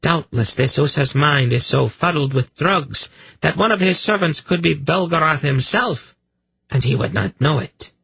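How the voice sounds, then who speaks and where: Guy doing a spiteful scarred priestess, fast and sneering, husky dry voice. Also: fairly high pitch, sharp tone, no room sound, voice pushed up, heavily acted. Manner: quick, spiteful, scornful. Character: fierce scarred woman priestess, proud. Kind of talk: audiobook character reading.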